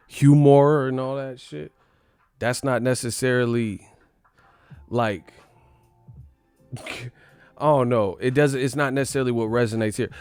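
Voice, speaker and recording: A man's voice: mid-range voice, no echo. A man hosting a boxing show, ranting in casual live commentary, blunt and profane, rambling with laughs.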